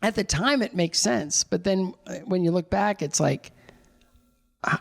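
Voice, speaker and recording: Older male guest, gravelly, energetic rambling storyteller for a chat show. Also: high-pitched, a little slow. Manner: animated storyteller, rambling restarts. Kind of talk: casual chat.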